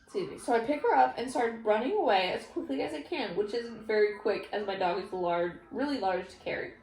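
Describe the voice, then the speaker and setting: A woman vlogger reading stories aloud in a casual, animated way, often laughing. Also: a little high, fairly quick. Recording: echoey room.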